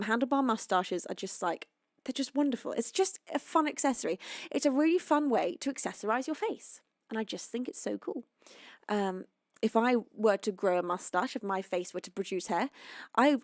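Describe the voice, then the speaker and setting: Chatty, tired UK singer streaming live. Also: female voice, mid-range voice, no echo, clean studio sound. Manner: chatty, rambling, greets viewers warmly. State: tired and sleepy. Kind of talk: casual chat with live chat.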